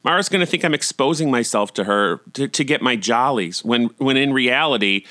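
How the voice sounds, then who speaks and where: Candid man telling a funny story, crisp dry sound. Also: mid-range voice, moderate pace, hardly any pauses, no echo. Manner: candid, self-deprecating, animated when acting out scenes. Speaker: podcast host. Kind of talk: personal storytelling monologue.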